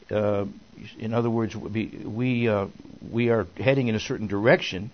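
A man delivers a rambling, folksy sermon, full of fillers and false starts. His voice sits on the low side. The recording sounds dull and lo-fi. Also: fairly even intonation, moderate pace, few pauses. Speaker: minister.

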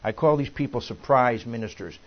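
A man's voice: mid-range voice, brisk, muffled recording. A man preaching a sermon as a minister, folksy and rambling with many fillers and restarts.

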